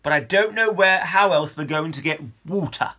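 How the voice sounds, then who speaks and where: A man's voice: a little high, normal speed, pushed and bright. Man reading as a bookish boy, earnest and plain, near his own voice. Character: curious bookish young boy explorer.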